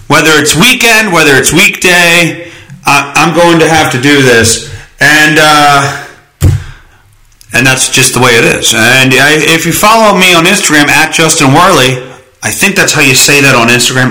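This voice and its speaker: A man talks through his own podcast in a loose, joking ramble, often swearing. His voice is bright and forward and sits a little high. The room around him has a noticeable echo. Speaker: podcast host. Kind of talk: casual solo podcast monologue.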